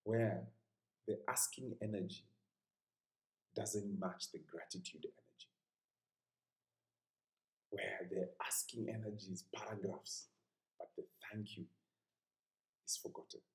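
A man preaching a sermon in an earnest, conversational way, at times sinking to a hushed whisper. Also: lowish voice, steady tone, slow, long pauses, echoey room, low-quality recording.

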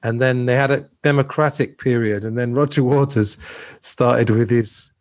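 A man's voice: medium pitch, fairly even intonation, moderate pace, dry recording, clean studio sound. A man hosting a casual film discussion, talking loosely with many fillers and restarts. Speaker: podcast host.

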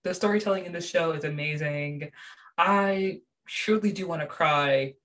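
Young woman, low voice, animated casual reviewer, filler-heavy. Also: measured pace. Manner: animated, gushing, many fillers. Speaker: show reviewer. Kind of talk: casual chat.

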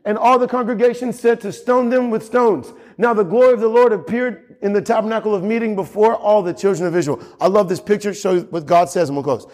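A man preaches with fervor, his voice sitting high and climbing further as he presses each point. He repeats lines for weight, delivering a sermon to a congregation. The sound carries a long reverb from a large hall. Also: brisk, hardly any pauses, a little mellow. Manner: impassioned, repeats phrases for emphasis. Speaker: pastor.

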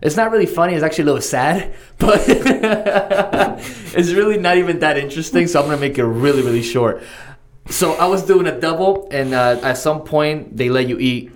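A man in casual conversation who teases with quick jokes. He laughs easily and keeps the banter light. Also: a little high. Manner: teasing, quick joking interjections, laughs often. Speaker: podcast co-host. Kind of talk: casual chat.

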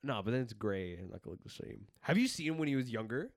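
A man's voice: medium pitch, very animated, fast talker, dry recording. A young man co-hosting a podcast in casual chat, joking and often trailing off mid-thought. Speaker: podcast co-host.

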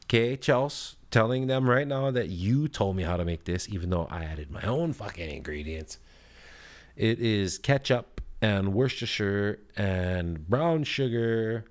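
A man hosting a podcast, telling a story in a profane, heated, rambling way, with lively swings in pitch and loudness. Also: measured pace. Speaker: podcast host. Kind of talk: casual storytelling rant.

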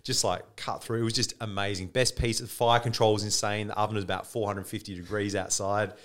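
A man's voice: lowish voice, flat delivery, quick pace. A man co-hosting a podcast, telling stories in a casual chat, laughing a lot and saying "mate" constantly. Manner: laughs a lot, tells stories, says mate all the time. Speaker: podcast co-host. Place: studio.

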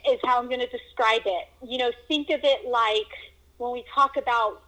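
A woman telling a personal story in a casual conversation, animated and acting out moments with exclamations. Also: a little high, moderate pace, low-quality recording. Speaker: guest telling her story.

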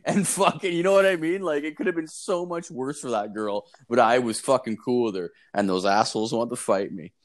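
A man's voice: mid-range voice, fairly quick, few pauses. A man in casual chat, telling a rambling, profane story with lots of fillers and swearing.

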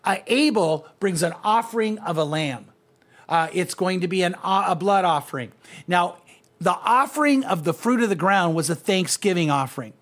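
A man's voice: sits high, fairly bright tone. A man, a pastor, giving an earnest, conversational Bible teaching and speaking directly to his listeners.

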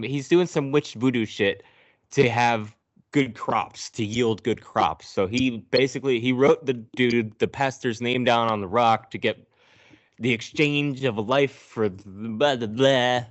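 Low, smooth-voiced man recapping a movie. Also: no room sound. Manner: sarcastic, profane, narrating scenes. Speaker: podcast co-host.

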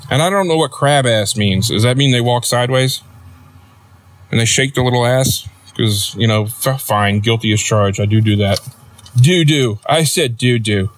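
A man hosting a comedic podcast in a rambling, deadpan, sardonic monologue, recorded near a road. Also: medium pitch, moderate pace, slight background noise. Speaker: podcast host. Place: outdoors near a road with passing trucks.

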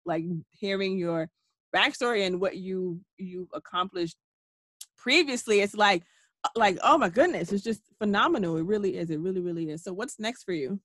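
A woman's voice: medium pitch, normal speed, fairly bright tone, no room sound. A woman with a New York accent hosts a podcast in an effusive, admiring way. Her voice sits mid-range and she laughs often. The sound is close and dry. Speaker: podcast host. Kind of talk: conversational interview.

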